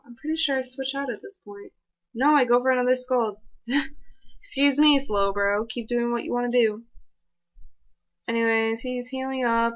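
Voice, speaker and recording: A woman giving casual, fast and excitable commentary over her own gameplay. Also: fairly high pitch, dull audio.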